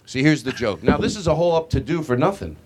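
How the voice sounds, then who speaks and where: A man's voice: on the high side, quick pace, slightly rough. A man hosting a comedy podcast, rambling and laughing as he acts out a stand-up bit. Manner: animated, rambling, laughing, restarts. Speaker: podcast host.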